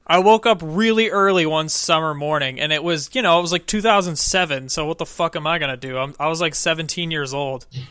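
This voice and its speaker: A young man co-hosting a gaming podcast, telling a profane, animated story in casual chat. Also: fairly high pitch, brisk, clear, resonant tone, dry recording, clean studio sound. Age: young adult. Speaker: podcast co-host.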